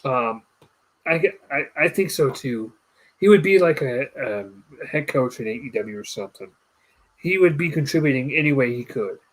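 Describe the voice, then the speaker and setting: This podcast host is a young adult man with a mid-range voice who talks at an ordinary pace. In a relaxed chat, he spins stories and throws himself into lively impressions of different voices.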